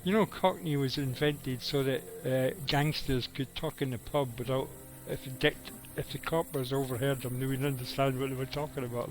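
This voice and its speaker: A man's voice: medium pitch, fairly even intonation, moderate pace, few pauses, rough recording. A middle-aged man, giving rambling, casual live commentary on his game and chatting with viewers, swearing now and then. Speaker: game streamer.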